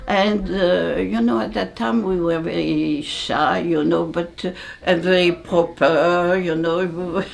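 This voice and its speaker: A woman's voice: on the low side, fairly even intonation, slow pace, vocal fry, few pauses. An older woman telling a personal memory in an interview, hesitant and searching for words, speaking English as a with as her tongue.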